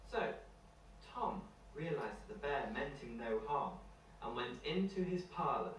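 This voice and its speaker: Heard from far off in an echoey room, a mid-range male voice tells a children's story with slow, lively playfulness and ends on a moral. There's a slight hiss or hum in the background.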